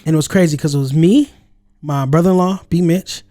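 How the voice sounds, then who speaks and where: Man podcast co-host, higher register, dry booth sound, animated slangy storyteller. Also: brisk, dry recording. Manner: storytelling, animated, slangy, lots of "like" and "you know". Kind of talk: casual podcast chat.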